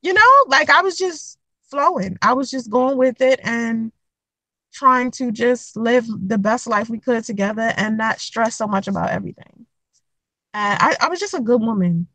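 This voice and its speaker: A woman's voice: a little high, normal speed, no echo, low-quality recording. Blunt, profane woman telling a story. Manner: blunt, profane, animated retelling with acted quotes. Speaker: vlogger giving dating advice. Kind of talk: casual storytelling to camera.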